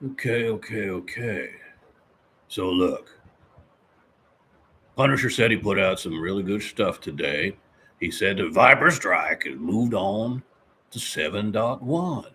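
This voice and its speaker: A man voicing a folksy, rambling middle-aged handyman who clears his throat often while chatting with viewers. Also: lowish voice, expressive, slow pace, long pauses, pushed and bright, slight background noise, exaggerated voice. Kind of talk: live-stream character chat reading viewer comments.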